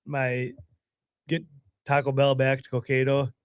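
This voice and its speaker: A man's voice: mid-range voice, completely flat delivery, unhurried, clear, resonant tone, dry recording, clean studio sound. A man co-hosting a live podcast who laughs often in upbeat casual chat. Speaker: podcast co-host.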